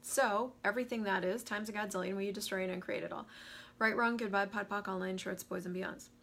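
Bright, animated woman coaching live. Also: medium pitch, a little fast. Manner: animated, laughs often, greets viewers mid-sentence. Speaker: host of a live money coaching show. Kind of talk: casual live-stream coaching talk.

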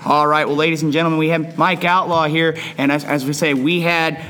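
A man's voice: fairly high pitch, little pitch movement, a little fast, sharp tone. A man hosting a wrestling recap podcast in a bar and grill, speaking with repetitive, hype-style phrasing. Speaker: podcast host.

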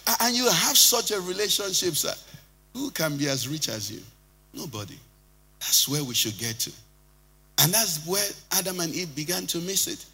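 A man preaching a sermon as pastor, swinging from loud shouting to quiet, low passages. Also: animated, moderate pace, husky. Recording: music behind, long hall reverb.

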